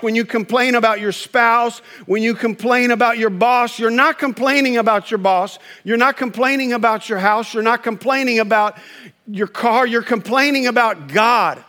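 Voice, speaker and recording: A pastor with a high-pitched male voice, preaching in a loose, conversational sermon style. He acts out what people say and chuckles at his own stories. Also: bright, forceful tone.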